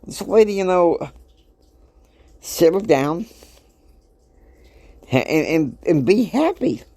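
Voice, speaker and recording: A man in his fifties hosting a motivational podcast, talking emphatically and preachily. He swings between soft asides and loud outbursts. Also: sits high, big pitch swings, slow pace, gravelly, husky, no echo. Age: 50s. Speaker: podcast host.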